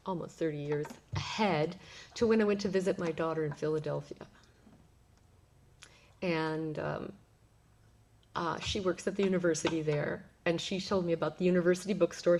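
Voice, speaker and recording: A middle-aged woman pastor giving a sermon, telling a personal story in a gentle, reflective way with soft laughs and restarts. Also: low voice, slight background noise.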